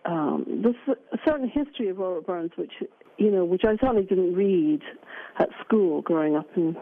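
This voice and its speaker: A woman's voice: fairly low pitch, expressive. Woman on tinny radio audio. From Scotland. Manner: thoughtful, with frequent pauses and fillers. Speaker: interview guest, drag king performer. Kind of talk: radio interview. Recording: narrow phone-like radio audio.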